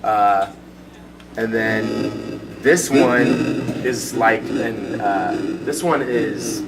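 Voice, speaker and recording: A man's voice: on the low side, extremely slow. A young man giving a student class presentation and demo in a casual, hesitant way, full of fillers. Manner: casual, hesitant, many fillers, chuckles at glitches. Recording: distant mic with clear background noise.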